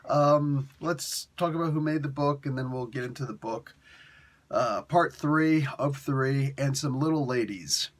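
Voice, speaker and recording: A man in pain gives a casual, rambling spoken review of a comic book in an unhurried, mid-range voice. He chuckles often and corrects himself as he goes.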